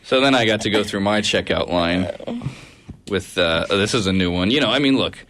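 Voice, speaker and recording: A male radio show host telling a story on air in an animated, incredulous way. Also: on the low side, moderate pace, noisy background.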